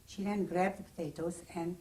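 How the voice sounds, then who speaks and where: Older woman recalling memories, lowish voice. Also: fairly even intonation, moderate pace, dark tone, far from the mic, slight background noise, poor audio. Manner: plain, vivid first-person recollection. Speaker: interviewee. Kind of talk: oral history testimony. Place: private home.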